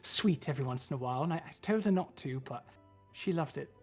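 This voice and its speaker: A woman's voice: low voice, expressive, quick pace, darkish tone, breathy edge, soft background music. A woman voicing a chatty, fussy older woman cook who rambles and dotes on children. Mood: doting. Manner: rambling, hesitant, doting.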